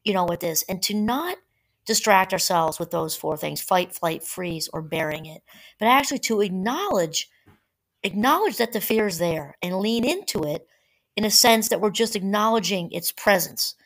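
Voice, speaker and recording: A woman's voice: mid-range voice, animated, normal speed. A woman hosting a solo podcast on mindfulness, talking casually with asides and restarts, now and then reading passages aloud from a book. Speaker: podcast host. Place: home.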